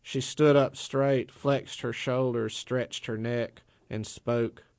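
Slow, gravelly male storyteller. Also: mid-range voice, fairly even intonation, darkish tone, no room sound, studio quality. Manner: measured, deliberate storytelling. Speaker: narrator. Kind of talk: audiobook narration.

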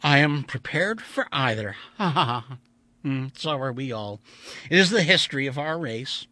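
A man's voice: medium pitch, expressive, normal speed, bright, forceful tone, no echo, voice pushed up. A man voicing an austere, cynical blind older male mathematician who speaks in a wry, theatrical way.

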